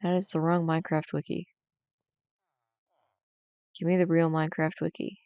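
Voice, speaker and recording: A woman streaming a game live, chatting casually with her chat and teasing them in a dry, deadpan way. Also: sits low, normal speed, clean tone, no room sound, muffled recording.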